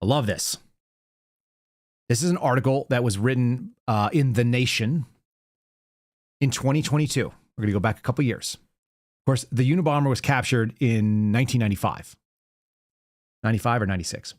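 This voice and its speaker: A man's voice: mid-range voice, normal speed, pauses often, dry recording, studio quality. A man hosting his own show, talking casually in a monologue and often repeating words as he restarts. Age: adult with young child. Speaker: podcast host.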